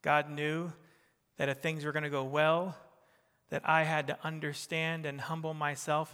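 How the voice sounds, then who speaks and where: A middle-aged man with a New Jersey accent preaching a sermon, swinging between emphatic rising bursts and soft, quiet drops. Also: a little high, level tone, unhurried, smooth, big-room sound. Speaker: pastor.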